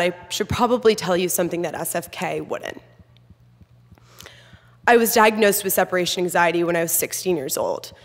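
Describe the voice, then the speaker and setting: A woman in her twenties tells a candid personal story to an audience, nervous and full of "um" fillers. Her voice sits a little low for a woman. A long reverb from a large hall trails after each phrase. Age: 20s. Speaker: student speaker.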